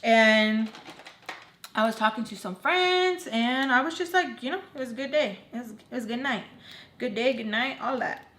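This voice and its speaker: Animated woman telling a storytime. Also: a little high, moderate pace, a little hiss or hum. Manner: animated, emotional retelling with Spanish slang. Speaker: vlogger. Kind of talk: storytime vlog. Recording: echoey room.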